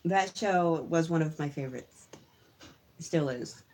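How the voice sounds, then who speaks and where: A woman's voice: low-pitched, measured pace, a little mellow, a little hiss or hum. A woman co-hosting a casual livestream chat, telling rambling stories with frequent giggles and restarts. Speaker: co-host.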